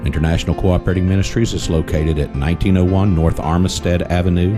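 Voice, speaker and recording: Very deep-voiced male announcer. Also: steady tone. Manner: slow, deliberate reading of contact details. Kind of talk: scripted closing announcement. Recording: music bed underneath.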